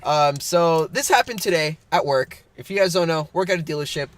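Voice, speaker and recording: A man's voice: on the high side, expressive, brisk. A young man co-hosting a podcast, telling stories in a rambling, casual way full of "like" and restarts. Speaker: podcast co-host. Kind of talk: casual storytelling chat.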